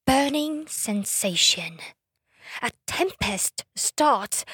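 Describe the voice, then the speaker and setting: Brash young woman comic, fairly high voice, dry close mic. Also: expressive, slow pace, bright, forceful tone, dry recording. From Brazil. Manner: brash, sardonic, swears freely. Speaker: comedian. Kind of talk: comic storytelling monologue.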